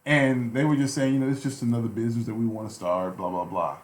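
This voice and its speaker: A man's voice: medium pitch, quick pace, roomy sound. A man co-hosting a heated talk radio discussion, impassioned and preachy, repeating phrases for emphasis. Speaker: radio show co-host.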